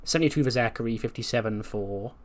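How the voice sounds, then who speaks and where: A laid-back man talking through a game in casual let's-play commentary, with a middling pitch. He swears offhandedly and keeps things easygoing. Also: quick pace. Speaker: gaming video host.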